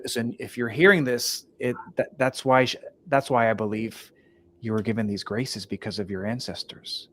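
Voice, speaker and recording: Stammering male interview host. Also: medium pitch. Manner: stammering restarts, short affirmations. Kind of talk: podcast interview.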